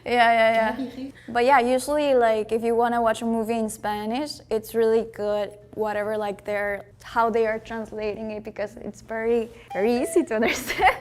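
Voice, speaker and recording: A woman chatting casually with a fairly high voice. She laughs often and slips between Spanish and English mid-sentence. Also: fairly even intonation, moderate pace, soft background music. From Mexico. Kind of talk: casual chat.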